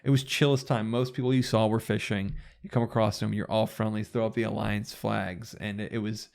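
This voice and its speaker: A man's voice: fairly low pitch, fairly even intonation, fairly quick, creaky, a little mellow. A man chatting casually as a guest on a gaming podcast, rambling and restarting his sentences with enthusiasm.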